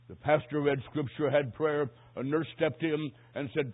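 Husky preacher on a tinny line. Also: male voice, a little high, fairly even intonation, normal speed. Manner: swings from hushed to loud emphatic preaching. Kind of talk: sermon with dramatic storytelling. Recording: tinny phone-like sound.

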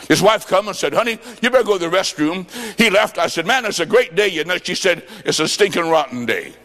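A man preaching a sermon and telling stories, his voice swelling into sung and shouted rises. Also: high-pitched, expressive, brisk. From Illinois, USA. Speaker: evangelist preacher. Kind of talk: sermon with storytelling. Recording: long hall reverb.

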